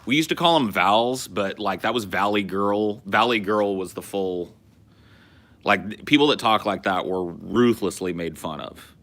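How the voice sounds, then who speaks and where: Low-voiced, bright-toned man from California. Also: unhurried. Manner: loose, profane storytelling with frequent restarts. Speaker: podcast host. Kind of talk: casual chat.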